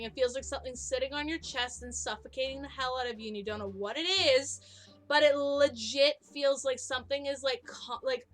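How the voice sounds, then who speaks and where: A young woman co-hosting a casual video-call hangout, telling animated stories with frequent laughs. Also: sits high. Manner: animated storyteller, laughs often. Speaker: co-host.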